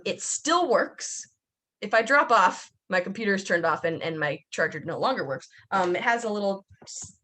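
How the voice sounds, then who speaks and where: A woman's voice: medium pitch, sharp tone. A young woman hosting a podcast from home, talking candidly in a rambling, casual way with many fillers. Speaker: podcast host. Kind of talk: casual chat.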